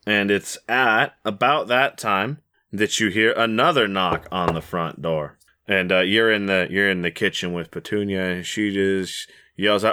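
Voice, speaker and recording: A man's voice: low voice, steady tone, measured pace, pushed and bright, clean tone. A man narrating a tabletop game as game master, with loose, profane storytelling.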